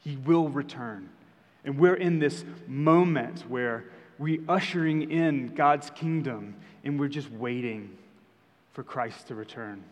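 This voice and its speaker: A man's voice: medium pitch, slow. A young adult man preaching a sermon as pastor, conversational with emphatic rises. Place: church sanctuary. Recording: long hall reverb.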